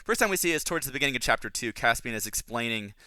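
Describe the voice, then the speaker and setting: A man's voice: medium pitch, animated, very fast, sharp tone, clear, resonant tone, dry recording. A man hosting a podcast, chatting casually and enthusiastically about books and film, rambling with many restarts. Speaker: podcast host. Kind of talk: casual book and film analysis.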